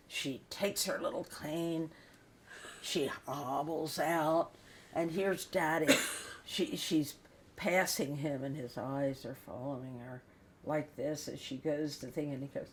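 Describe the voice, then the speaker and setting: An older woman recounting a family memory, emotional and halting, acting out the voices. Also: low voice, fairly even intonation. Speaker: storyteller being interviewed. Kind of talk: personal family story.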